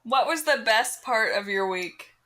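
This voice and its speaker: A woman's voice: fairly high pitch, expressive, a little slow, sharp tone. A drunk young woman co-hosting a podcast, tossing out dry, sarcastic quips. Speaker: podcast co-host. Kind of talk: casual chat.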